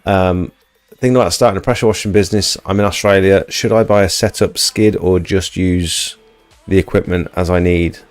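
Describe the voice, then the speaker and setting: A man with a notably deep, low voice hosts a relaxed livestream, chatting loosely and reading viewer comments aloud. The sound is dry and close, with faint music playing underneath. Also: normal speed, hardly any pauses, no room sound. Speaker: livestream host. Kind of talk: casual livestream chat.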